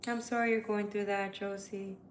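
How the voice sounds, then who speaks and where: A woman's voice: medium pitch, level tone, moderate pace, slight background noise. A tired woman who reads tarot, chatting candidly and emotionally with viewers on a livestream, swearing casually. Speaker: tarot reader.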